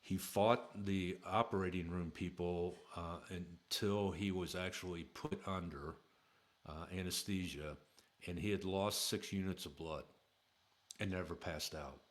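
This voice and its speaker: A middle-aged man telling a personal story in a casual, halting way, with many fillers and restarts. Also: deep voice, steady tone.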